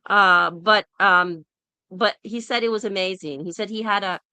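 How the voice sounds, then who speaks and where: A woman's voice: medium pitch, moderate pace, clean tone, no room sound. A woman hosting a casual group discussion over an online call, telling stories and acting out the people in them. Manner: animated storyteller who acts out quoted people.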